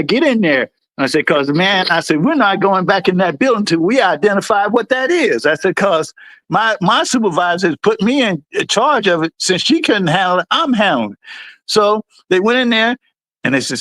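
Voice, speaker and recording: A middle-aged American man hosting a livestream, telling service stories and acting out the people in them. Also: no room sound. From United States. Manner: animated, acts out quotes in a higher voice. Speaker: livestream host. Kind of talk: storytelling chat.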